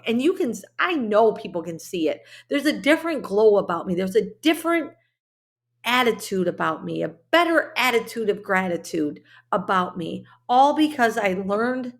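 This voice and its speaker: A woman's voice: on the high side, a bit bright. A woman hosting a solo podcast, talking in an earnest, heartfelt and chatty way with plenty of fillers. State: briefly emotional. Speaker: podcast host. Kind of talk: solo motivational podcast talk.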